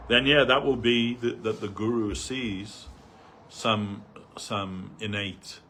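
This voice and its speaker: A man's voice: on the low side, steady tone, slow pace, sharp tone, a little hiss or hum. A man giving a loose, anecdotal talk on a spiritual reading, full of "like" and "you know". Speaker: devotee speaker. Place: temple hall.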